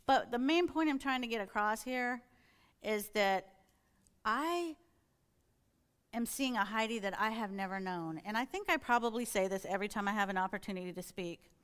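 A woman's voice: medium pitch, animated, normal speed, fairly bright tone, clear, resonant tone. A middle-aged woman, a church elder, giving an earnest sermon-style testimony and acting out her own inner dialogue as she tells her story.

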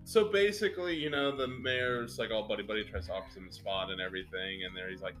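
A man's voice: fairly low pitch, quick pace, fairly bright tone, faint music behind. A man in his thirties co-hosting a casual movie review, retelling the plot with sarcasm and exasperation. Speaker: podcast co-host.

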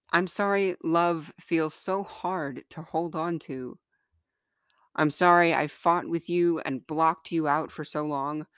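Woman, author reading her own confessional letters; slow, smooth, close dry sound. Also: deep voice, dry recording.

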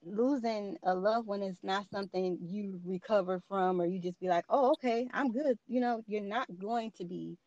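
A woman's voice: mid-range voice, normal speed, hardly any pauses. Reassuring woman, muffled sound. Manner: reassuring, gently encouraging. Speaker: co-host offering support. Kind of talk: supportive casual conversation.

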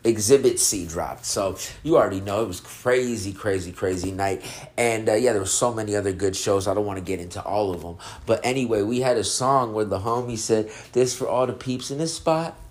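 Brisk and fairly low-pitched, this man runs a relaxed music-review podcast in a casual chat. He sounds stoned and easygoing, rambling along and laughing a lot about the music.

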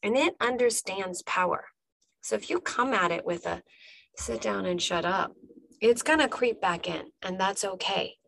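A woman's voice: mid-range voice, animated, moderate pace, gravelly, a bit bright. A woman life coach giving a motivational podcast monologue, emphatic and talking straight to the listener, repeating punchy phrases.

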